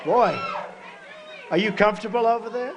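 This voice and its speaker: A man in his sixties giving a campaign rally speech at a podium, repeating short punchy phrases and breaking into shouts. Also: high voice, fairly even intonation, normal speed, crowd noise, noisy background. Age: 60s. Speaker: political candidate at a rally. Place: large rally venue.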